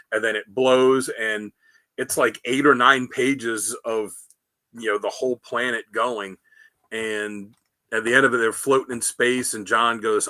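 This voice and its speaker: A man hosting a casual podcast about comic books, telling the stories in a rambling, animated way with lots of fillers. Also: mid-range voice, unhurried. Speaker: podcast host. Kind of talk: casual comic book discussion.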